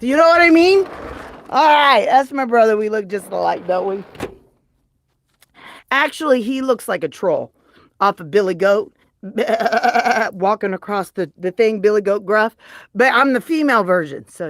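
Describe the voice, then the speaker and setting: A woman with a high, bright-sitting voice talks casually into her phone on a live stream, folksy and joking at her own expense. The sound is dry and close, with no room around it. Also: dry recording. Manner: folksy, joking, self-mocking. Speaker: live streamer selling handmade blankets.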